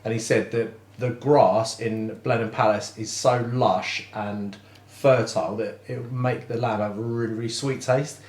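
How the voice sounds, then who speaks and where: A man co-hosting a casual food podcast with his wife, relaxed and laughing often as he bickers playfully. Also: fairly low pitch, moderate pace. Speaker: podcast co-host, barbecue cook. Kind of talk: casual chat. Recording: echoey room.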